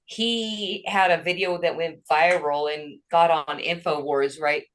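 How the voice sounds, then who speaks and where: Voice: mid-range voice, steady tone, unhurried, fairly bright tone, slight background noise. A speaker rambling hesitantly through a casual podcast chat, with many fillers.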